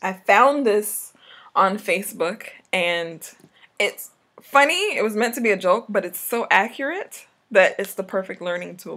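Gravelly low-voiced Jamaican woman. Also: fairly bright tone. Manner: chatty, laughs often, trails off mid-sentence. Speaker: vlogger teaching a lesson. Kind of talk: casual explaining to camera.

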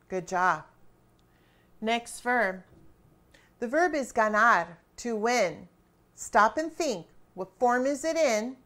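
Slow-talking teacher woman quizzing students. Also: mid-range voice, a bit bright. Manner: encouraging, quizzing students with pauses and rhetorical questions. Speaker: Spanish teacher. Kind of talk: classroom grammar lesson.

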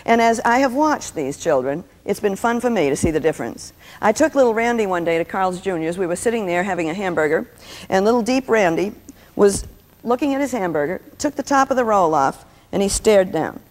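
A woman's voice: medium pitch, expressive, a little fast, a little mellow. An older woman giving an anecdotal teaching talk, telling stories with humor. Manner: storytelling with humor. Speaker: Christian speaker teaching on personality types. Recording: long reverb, old VHS tape.

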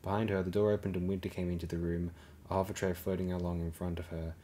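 A man reading a novel aloud as an audiobook narrator, in a steady, even way. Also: deep voice, fast, slight background noise. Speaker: audiobook reader.

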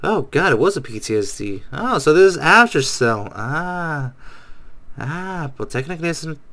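Guy doing a reaction vid, super animated voice, bright and sharp, keeps yelling oh god and laughing. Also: fairly high pitch, normal speed. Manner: excitable, exclamatory, laughs a lot. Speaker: reaction video host. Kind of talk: casual reaction commentary.

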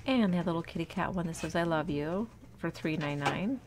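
Talking fast and animatedly in a fairly low voice, a young woman vlogs her shopping trip through an indoor store on a handheld phone. She chats casually, gushes over cute things and uses plenty of ums.

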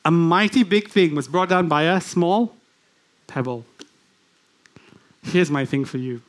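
A man with a fairly high voice preaches a sermon in a church. He talks conversationally and keeps asking his listeners questions. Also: unhurried. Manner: conversational, asks the congregation many questions. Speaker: guest preacher.

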